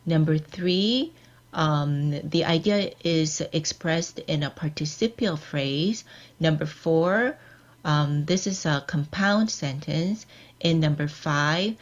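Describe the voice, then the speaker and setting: Woman, workshop lecturer, measured explanatory delivery, lowish voice, muffled webinar recording. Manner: measured, explanatory, quizzing the audience. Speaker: workshop lecturer on journal editing. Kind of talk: scripted lecture with slides.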